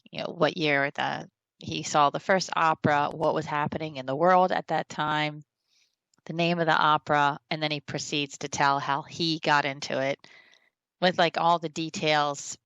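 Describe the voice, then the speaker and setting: Woman co-hosting a reaction commentary, low voice, dry close recording. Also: steady tone, moderate pace, fairly bright tone, smooth, dry recording, dull audio. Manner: reads aloud, then muses hesitantly. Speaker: co-host. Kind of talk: commentary on a clip.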